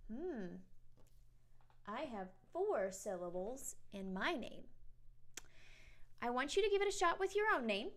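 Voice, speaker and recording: A young woman tutoring a child, encouraging and lively, stretching words out syllable by syllable. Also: high voice. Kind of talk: teaching a lesson to a child.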